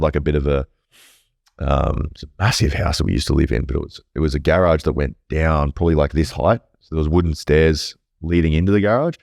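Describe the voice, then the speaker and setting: A man with a very deep voice tells a personal story as a podcast guest. He talks casually, rambles and swears freely. The sound is dry and close, with no room echo. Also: vocal fry, darkish tone.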